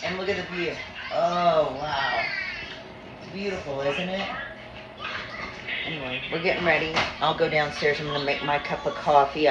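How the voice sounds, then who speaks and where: A woman's voice: low-pitched, fairly even intonation, normal speed, long pauses, dull audio. A woman in her sixties chatting in a rambling, casual vlog at home. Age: 60s. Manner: rambling, chatty storytelling with fillers. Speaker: family vlogger. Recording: echoey room, faint noise.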